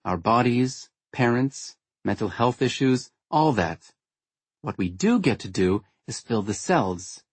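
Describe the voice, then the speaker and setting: A man voicing a witty young woman who lectures in a frank, lightly sarcastic way, with a husky tone. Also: medium pitch, expressive, slow pace, no room sound. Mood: frank, reflective. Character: witty teasing young woman, blunt and playful.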